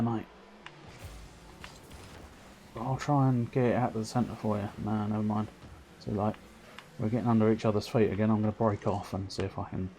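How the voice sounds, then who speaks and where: A man giving excitable, self-mocking running commentary on his own gameplay while streaming, sometimes turned away from his microphone. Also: medium pitch, slight background noise. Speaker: livestreamer. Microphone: desk microphone, sometimes turned away.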